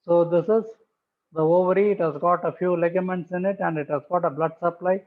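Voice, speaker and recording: A man's voice: high-pitched, steady tone, brisk. A man giving a methodical pathology lecture over slides, repeating key terms for emphasis. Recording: tinny phone-like audio.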